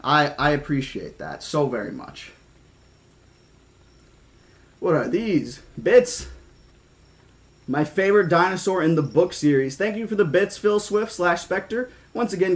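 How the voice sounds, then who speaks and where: Casting: upbeat male streamer-narrator, slightly high voice. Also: a little slow. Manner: excitable, thankful, chatty. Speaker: streamer reading a novel aloud. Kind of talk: audiobook reading with chat shout-outs.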